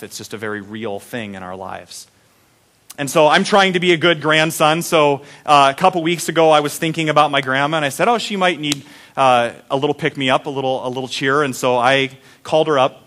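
A man's voice: medium pitch, a bit bright. A young man preaching a sermon, telling a personal story in a conversational, heartfelt way.

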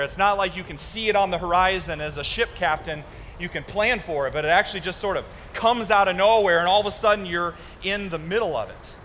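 Pastor guy preaching, high voice, swings from quiet to loud, echoey church. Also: slight background noise. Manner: swings from hushed to loud, excited storytelling; asks the congregation to repeat words. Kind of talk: sermon. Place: church sanctuary. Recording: long hall reverb.

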